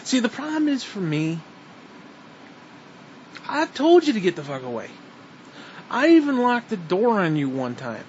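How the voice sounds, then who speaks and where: High-voiced man ranting angrily. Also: sing-song, unhurried, pauses often, a little mellow. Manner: angry, profane, repetitive ranting. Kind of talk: ranting monologue to the camera. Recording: dull lo-fi recording with faint noise.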